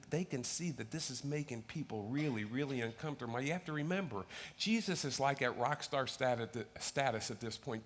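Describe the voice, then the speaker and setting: A man preaching to a congregation with a voice sitting a touch higher than most men's. He keeps it loose and joking, and jumps his pitch up to play out the crowd's lines. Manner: animated, acts out crowds and disciples in raised voices. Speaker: pastor. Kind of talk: sermon.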